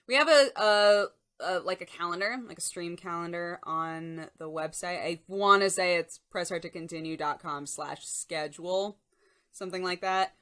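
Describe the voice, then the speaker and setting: A young woman hosts a relaxed stream chat, talking into a desk microphone. Her voice sits a little low for a woman, and she chats and giggles easily while answering viewers. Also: normal speed, smooth. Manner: chatty, giggly, reads chat aloud. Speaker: streamer host. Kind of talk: casual live-stream chat.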